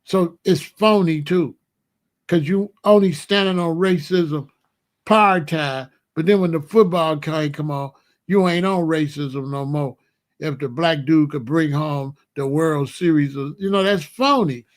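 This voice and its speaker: A man hosting his own show delivers a casual comedic monologue packed with rhetorical questions and chuckling asides. His voice sits on the high side, and he speaks unhurriedly.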